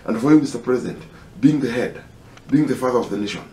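A man with a Kenyan accent making an impassioned, halting personal appeal, pleading and repeating himself. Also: mid-range voice, a little mellow, roomy sound, slight background noise. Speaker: concerned citizen.

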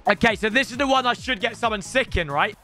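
A young man commentating on his own gameplay, excitable and prone to shouting outbursts, addressing viewers as lads. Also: sits high, fast, music in the background. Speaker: gaming YouTuber.

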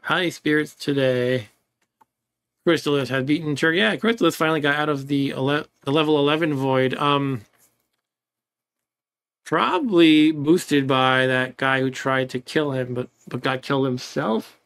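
Reading game text aloud and chuckling from time to time, a man rambles through casual let's-play commentary on his own playthrough. His voice is a little high and a bit bright, moving at normal speed.

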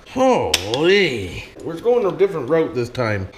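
A chatty Canadian man who swears often and keeps calling his viewers 'boys'. His voice sits a little high and swings up and down a lot. He is recorded in an echoey workshop with clear tool noise in the background. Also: huge pitch swings, unhurried, few pauses. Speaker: vlogger. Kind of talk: casual workshop vlog, talking to viewers.

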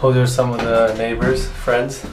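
A young man, a student, chatting casually to his vlog viewers in a relaxed, rambling way. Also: medium pitch, measured pace, recorded from a distance, loud music behind the voice. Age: young adult. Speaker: vlogger. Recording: roomy and off-mic.

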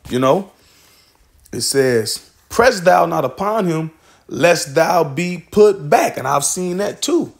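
A man's voice: a little high, expressive, slow pace, creaky. A man teaching scripture in a loose, casual way, swearing and laughing often as he reads verses aloud.

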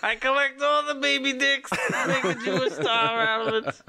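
A man putting on a gleeful old male rabbi character with a shrill, giggling delivery. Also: moderate pace, creaky, a crowd in the background.

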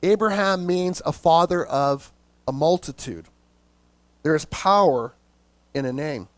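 A male pastor preaching a sermon, slowing down to stress key words and calling out to the congregation for responses. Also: on the high side, lively intonation, no echo.

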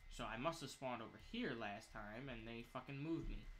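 A man talking through a zombie game. His voice sits in the middle range, and his talk is loose, profane and rambling. He swings from low muttering to excited shouts, and a faint noise hums behind him. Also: moderate pace. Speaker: gamer. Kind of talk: gameplay commentary.

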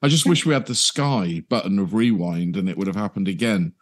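A man's voice: low voice, animated, brisk. A British man on a podcast, telling a story with fond enthusiasm in casual chat. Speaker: podcast guest.

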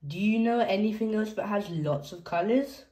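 A woman reading picture books aloud to young children in a slow, sing-song way, asking the listeners questions as she goes. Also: medium pitch, warm tone, roomy sound. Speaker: children's book reader.

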